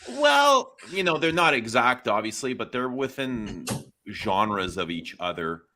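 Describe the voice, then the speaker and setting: A man's voice: on the low side, animated, measured pace, bright, forceful tone. A man co-hosting a casual perfume livestream chat, playful and chatty. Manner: chatty, playful, jokes about ads. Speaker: livestream co-host.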